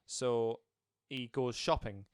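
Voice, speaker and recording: A man's voice: medium pitch, slow, no room sound, studio quality. Man chatting animatedly about films. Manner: animated storytelling, acting out scenes. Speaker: film reviewer. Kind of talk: casual film chat.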